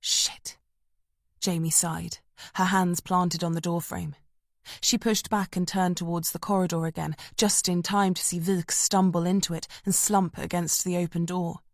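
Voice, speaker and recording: A woman narrates a thriller audiobook in a measured, tense storytelling manner. Her voice sits low for a woman, and the recording is dry and close. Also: level tone, no echo. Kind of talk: scripted narration.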